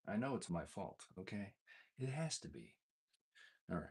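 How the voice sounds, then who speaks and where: Husky-voiced man thinking aloud. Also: lowish voice, sing-song, moderate pace, pauses often. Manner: mutters to himself while fiddling, mildly exasperated asides. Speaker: musician testing a guitar effects pedal. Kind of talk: casual gear demo, thinking aloud.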